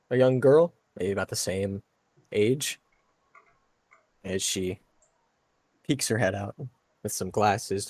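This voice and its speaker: A man narrating a tabletop game as game master, describing scenes in unhurried detail. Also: fairly low pitch, no echo. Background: faint background music.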